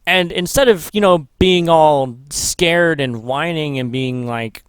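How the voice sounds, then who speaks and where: Slow-talking rambling male vlogger. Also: on the high side, clear, resonant tone, no room sound. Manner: rambling, profane, self-correcting. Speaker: gaming vlogger. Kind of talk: casual commentary.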